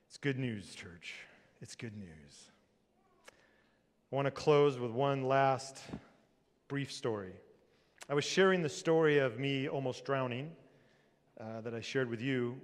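A male pastor preaching a sermon with lively delivery, rising loud and dropping to a hush. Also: medium pitch, unhurried. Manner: lively preaching, swings between loud and hushed. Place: church sanctuary. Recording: long reverb of a church hall.

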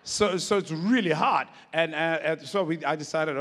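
A man's voice: a little high, fairly quick, hardly any pauses, a bit bright, big-room sound. A man in his forties, a comedian giving a rambling, casual storytelling talk on stage. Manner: casual, rambling, lots of restarts and "like".

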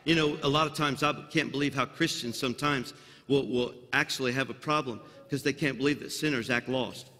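A man preaching a sermon as senior pastor in a church sanctuary, building to loud, fervent climaxes with folksy asides and a slight Southern drawl. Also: medium pitch, steady tone, brisk. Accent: Southern US drawl slipping in. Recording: long hall reverb of a sanctuary.

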